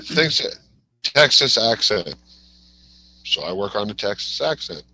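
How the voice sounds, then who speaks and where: A man's voice: on the low side, very animated, unhurried, bright, forceful tone, husky, dry recording. A man in a casual chat, telling a story in a dry, wisecracking way.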